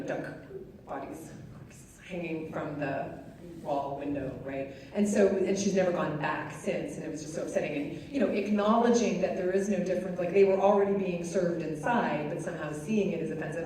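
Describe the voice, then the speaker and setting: Mellow and lowish, a woman's voice carries through an echoey hall, picked up by a distant mic with faint noise. She's delivering a conversational talk full of fillers and fielding questions from the audience.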